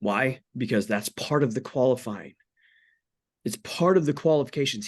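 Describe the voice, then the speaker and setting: A man's voice: mid-range voice, moderate pace, husky. Blunt, earnest man in his forties. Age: 40s. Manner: earnest, blunt, swears casually. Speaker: podcast guest. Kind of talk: candid faith talk.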